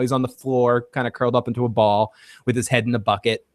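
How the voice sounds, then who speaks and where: Casual podcast host, male, lively recapper who acts out quotes; dry, close mic. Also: mid-range voice, fast, dry recording. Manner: animated retelling, acts out quotes.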